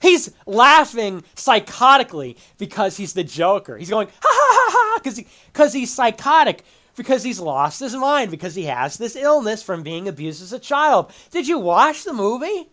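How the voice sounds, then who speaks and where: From a home streaming setup with a green screen, a man hosts a livestream in a high, sharp voice, very animated at a moderate pace. He rants about a video he's reacting to, mocking it with laughter and exaggerated emphasis.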